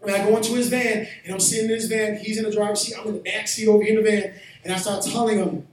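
High-voiced preacher in an echoey hall. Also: male voice, level tone, fast, a little hiss or hum. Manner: storytelling, rising to shouted preaching. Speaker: pastor. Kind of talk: sermon. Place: church hall. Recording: echoey hall, mic from a distance.

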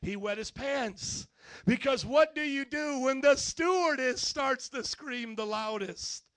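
A man preaching a sermon, telling stories with animated swings into loud delivery and calling on the congregation to repeat phrases. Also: very high-pitched, slow pace, dry recording. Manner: call-and-response with the congregation. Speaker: pastor.

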